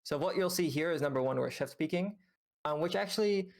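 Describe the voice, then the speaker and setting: Male game coach, gravelly voice, patient, explanatory, filler-heavy delivery. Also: on the high side, a little fast. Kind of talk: reviewing gameplay with a student on stream.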